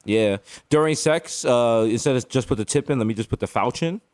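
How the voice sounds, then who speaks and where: A man co-hosting a comedy podcast from home, riffing in casual deadpan banter. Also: medium pitch, fairly quick. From the Bronx, New York. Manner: laid-back, deadpan, riffing with profanity. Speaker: podcast co-host.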